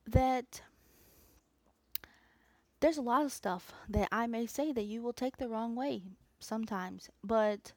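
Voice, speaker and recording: A woman's voice: a little high, slow, long pauses, dry recording. A woman hosting her own podcast, talking unscripted and rambling with asides and restarts. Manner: rambling, self-aware, chatty with frequent asides. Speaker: podcast host. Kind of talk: unscripted solo podcast chat.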